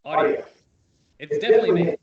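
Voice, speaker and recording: A man's voice: fast, muffled recording, a crowd in the background. A man hosting a podcast in casual comedic chat, telling silly jokey stories. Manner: goofy, jokey storytelling. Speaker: podcast host.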